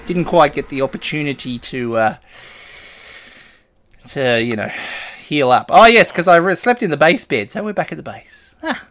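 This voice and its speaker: A man's voice: fairly high pitch, animated, moderate pace, long pauses, fairly bright tone. Chatty man narrating his gameplay. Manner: chatty, playful, talks to creatures in game. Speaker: gaming video host. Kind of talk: casual gameplay commentary.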